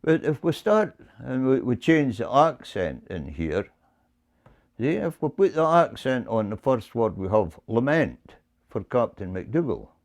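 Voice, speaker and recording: A man teaching bagpipe music, explaining in a measured way and often repeating words as he goes. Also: mid-range voice, big pitch swings, a little mellow. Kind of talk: explaining to camera.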